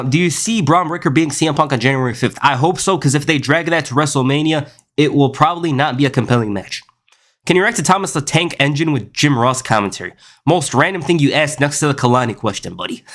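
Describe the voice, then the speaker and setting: A man's voice: mid-range voice, a bit bright. A young man streaming live, reading chat aloud and riffing on it in a rambling, casual way, often saying "bro" and "listen.".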